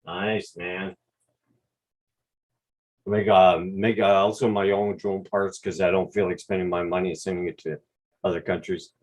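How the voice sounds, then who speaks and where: A man with a Quebec accent, hosting a relaxed, rambling livestream chat over a video call with some mild swearing. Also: low-pitched, measured pace, long pauses. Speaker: drone channel host.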